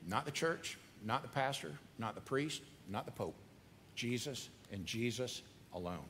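Earnest preacher in a reverberant hall. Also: male voice, medium pitch, animated, unhurried, a bit bright, slight background noise. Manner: earnest, conversational preaching with repetition. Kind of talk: sermon.

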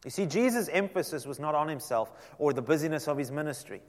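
A man preaching a sermon to a seated congregation, swinging from loud emphasis down to a soft near-whisper. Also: on the high side, expressive, quick pace. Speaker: pastor. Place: church sanctuary. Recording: long hall reverb.

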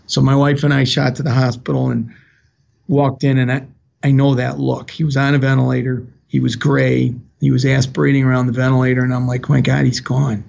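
An older man, a guest, tells a personal story in an earnest, plainspoken way, his emotion close to the surface. His medium-pitched voice is gravelly and darkish, with little pitch movement and a slightly fast pace. The recording is dull and lo-fi.

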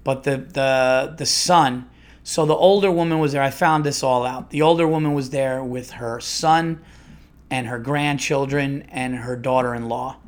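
A middle-aged man, a comedian hosting his own podcast, telling a long rambling story in a casual, animated way with restarts. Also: medium pitch, unhurried.

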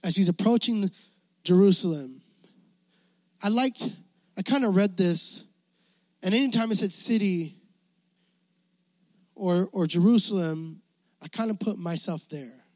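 Brief: youth pastor delivering a passionate sermon, male, high voice, dry close mic. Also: measured pace, long pauses, no echo. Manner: impassioned preaching, rising to near shouting.

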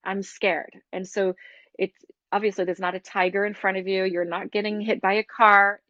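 A woman's voice: medium pitch, flat delivery, brisk, a bit bright, dry recording. A middle-aged woman from the United States, a breathwork teacher talking candidly and animatedly as an interview guest, with many restarts. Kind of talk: casual interview talk. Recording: dull, dry lo-fi sound.

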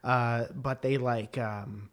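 A man's voice: medium pitch, steady tone, slow pace. A man co-hosting a casual chat, laid-back and jokey, with easy casual swearing.

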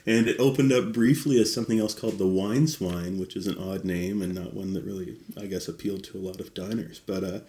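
A man's voice: deep voice, fairly even intonation, a little fast, few pauses, warm tone, echoey room. A man chatting casually as a podcast guest, laid-back and trailing off. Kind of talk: casual chat.

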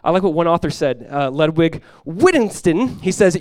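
A male pastor preaching in a conversational sermon style, dropping to a hushed voice when acting out prayers. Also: on the high side, animated, a little fast, few pauses, no room sound, clean studio sound.

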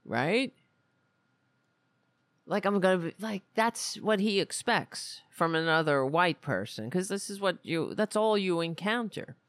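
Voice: mid-range voice, animated, normal speed, few pauses, a bit bright, no room sound. A podcast host giving blunt, rambling political commentary, full of restarts. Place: lives in Queens, New York.

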